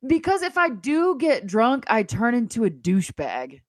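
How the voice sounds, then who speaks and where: A woman in her thirties co-hosting a casual podcast chat, telling self-mocking stories with lively swings of pitch. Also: moderate pace, no room sound. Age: 30s. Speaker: podcast co-host.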